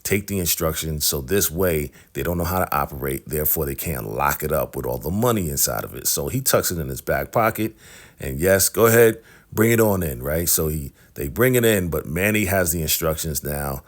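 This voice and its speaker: A man casually recapping a TV drama episode, retelling scenes with animated asides and frequent "right?" checks. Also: extremely low pitch, moderate pace. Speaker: TV recap vlogger.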